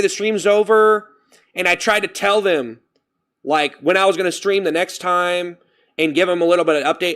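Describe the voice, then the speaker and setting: A man chatting on his live stream, rambling and animated, breaking off to thank viewers for donations. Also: high-pitched. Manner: rambling, animated, jumps to loud self-scolding; reads out and thanks chat donations. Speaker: livestreamer. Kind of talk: casual stream chat.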